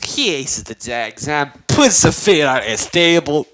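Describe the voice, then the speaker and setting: A man's voice: a little high, big pitch swings, unhurried, a bit bright, slight background noise, rough recording. A man casually retelling a fan-made story, rambling, cursing and full of slang and fillers.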